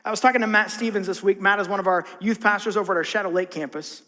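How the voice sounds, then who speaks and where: A man's voice: high-pitched, steady tone, quick pace, pushed and bright, in a large hall. A man preaching a conversational sermon as a pastor, acting out the voices in his story. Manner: conversational, acts out quotes.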